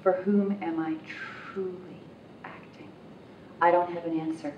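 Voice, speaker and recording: A woman telling a personal story at a workshop in an animated, self-mocking way. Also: lowish voice, unhurried, lo-fi sound. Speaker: workshop participant. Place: conference workshop room. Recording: roomy, distant, noisy room mic.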